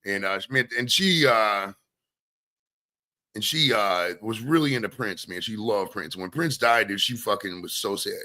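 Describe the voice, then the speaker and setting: A man's voice: fairly low pitch, unhurried, pushed and bright. Rambling profane man from Maine. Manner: rambling, profane, loose and conversational. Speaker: streamer and show host. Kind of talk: casual solo stream chat.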